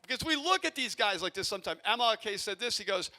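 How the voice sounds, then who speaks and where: A man who coaches youth sports, telling a coaching story to a community audience and acting out his own yelling from the sidelines. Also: sits high, fast, hardly any pauses. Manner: animated, acts out yelling in his stories. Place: arena event space.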